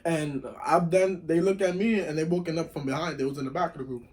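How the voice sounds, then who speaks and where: A man casually telling a lively story while eating, acting out the voices of the people in it. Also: fairly high pitch, quick pace. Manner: animated, acts out voices in quotes. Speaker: vlogger.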